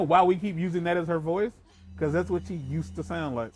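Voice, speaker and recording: A man's voice: fairly high pitch, a little fast, faint music behind. A young man hosting a casual let's play, chatty and rambling while he plays. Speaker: gaming channel host.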